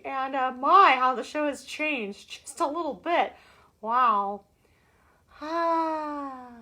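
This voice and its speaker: Bubbly high-voiced woman hosting a live chat. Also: sharp tone. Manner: bubbly, greets viewers by name with sing-song calls. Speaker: show host. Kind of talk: casual live-stream chat.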